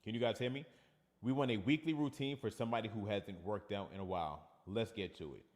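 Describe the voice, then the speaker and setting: A man's voice: fairly low pitch, quick pace, darkish tone, big-room sound. A man with a New York accent, a fitness coach chatting casually on a livestream and reading viewer comments aloud.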